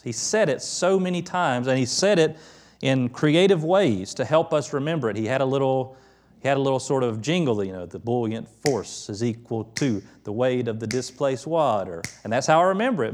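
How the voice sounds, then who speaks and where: A middle-aged pastor giving a conversational sermon, quick to lift his voice when quoting the prophets. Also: medium pitch.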